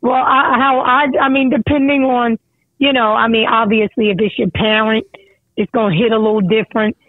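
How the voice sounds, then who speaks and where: A middle-aged mother on a phone call, talking in a rambling, halting way with many restarts. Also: fairly high pitch, fairly even intonation, dry recording. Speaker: caller, mother of a guest. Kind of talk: emotional phone chat. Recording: tinny phone line, dry.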